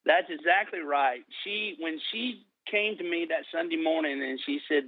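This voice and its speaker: A middle-aged man telling his personal testimony in an interview, earnest and slowing down for emphasis. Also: fairly high pitch, no echo. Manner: earnest storytelling, slows for emphasis. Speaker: guest sharing testimony. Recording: tinny phone-like line.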